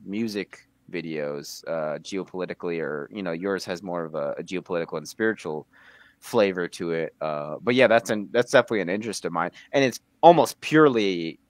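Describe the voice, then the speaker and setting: A man's voice: sits low, a little fast, no echo. A young American man talking casually as a guest, hesitant, with many restarts and fillers. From United States. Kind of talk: casual conversation.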